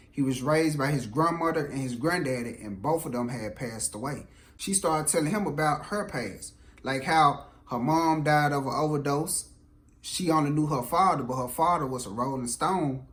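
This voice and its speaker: A man with a Southern American accent telling a true street story, acting out the voices. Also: fairly high pitch. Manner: animated, acts out every voice. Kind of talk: casual storytelling.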